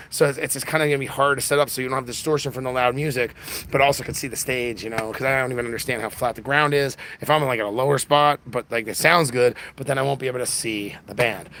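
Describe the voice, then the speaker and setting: A man's voice: medium pitch, sharp tone. An exhausted man hosting a casual livestream, rambling with lots of restarts, recorded on a phone. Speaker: livestream host.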